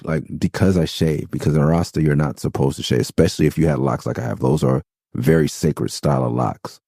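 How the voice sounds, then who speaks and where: A man from Los Angeles hosting a podcast, telling rambling, profane stories in a casual, animated way. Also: low-pitched, creaky, breathy edge, dry recording, studio quality. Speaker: podcast host. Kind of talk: casual storytelling.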